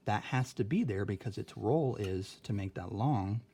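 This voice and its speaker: A man's voice: fairly low pitch, moderate pace, dark tone, slightly rough. A young man teaching a recorded spelling lesson, patient and careful, often checking in with "okay?".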